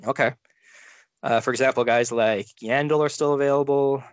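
A relaxed man chatting casually on a podcast, thinking out loud and letting his sentences trail off. His voice sits at a middle pitch and sounds dry and close to the mic, with no room around it. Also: moderate pace, clean tone, no echo. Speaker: podcast co-host. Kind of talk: casual fantasy draft chat.

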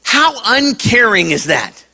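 A man preaching a lively sermon to kids, acting out voices and shouting at the high points. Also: takes it slowly, creaky, breathy edge. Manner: animated, acts out voices. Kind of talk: sermon to a young audience.

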